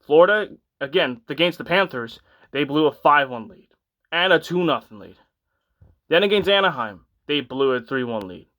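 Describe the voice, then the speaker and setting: A man with a fairly high voice rants through a sports recap in a loose, rambling way. He sounds tired and exasperated, and keeps restarting his sentences. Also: animated, moderate pace, a bit bright. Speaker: sports fan vlogger. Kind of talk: casual ranting recap.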